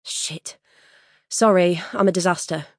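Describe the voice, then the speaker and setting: A woman's voice: medium pitch, animated, fairly quick, darkish tone, dry recording, studio quality, close to an everyday voice. A woman voicing a weary, self-deprecating young woman, talking wryly and frankly about her night out. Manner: wry and frank.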